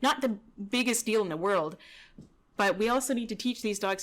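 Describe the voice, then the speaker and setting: A woman's voice: mid-range voice, normal speed. Chatty woman dog trainer commenting on footage. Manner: relaxed, chatty, explaining with frequent "you know" and "kinda". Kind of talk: casual commentary over video footage.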